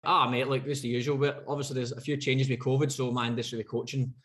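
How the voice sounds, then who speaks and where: A man's voice: mid-range voice, little pitch movement, fast, a bit bright. A man co-hosting a podcast, chatting casually and teasing his friend with banter. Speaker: podcast co-host. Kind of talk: casual chat.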